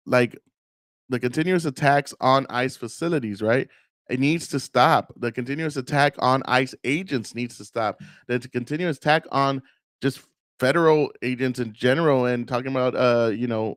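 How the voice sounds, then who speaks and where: A man's voice: medium pitch, dry recording, studio quality. A man hosting a casual political rant, profane and rambling, often mocking the people he talks about. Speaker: political commentary host.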